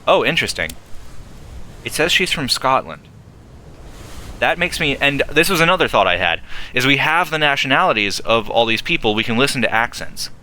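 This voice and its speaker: A man's voice: medium pitch, animated, moderate pace, sharp tone, a little hiss or hum. A man playing a game and thinking aloud in casual commentary, working through clues step by step. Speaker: let's play host. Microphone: desktop streaming mic with filters.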